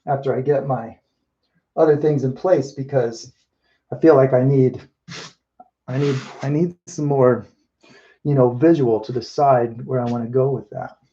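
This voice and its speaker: A man's voice: mid-range voice, steady tone, measured pace, pauses often, warm tone, muffled recording, slight background noise. A man chatting casually as he paints live, thinking aloud and correcting himself as he goes. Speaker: mural painter.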